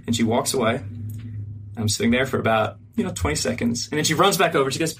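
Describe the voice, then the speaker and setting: A man's voice: on the high side, fast talker, slight background noise. A man on a podcast telling a long funny story in casual chat, acting out the other people's lines and swearing freely. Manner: animated, acts out quoted voices, swears freely. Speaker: podcast guest.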